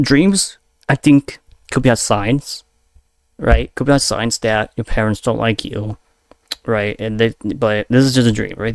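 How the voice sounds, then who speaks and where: A man from Peru giving casual reaction commentary, halting and repeating himself often. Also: medium pitch, vocal fry, no room sound, studio quality. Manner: halting, repeats "right?" and "okay". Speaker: reaction video host.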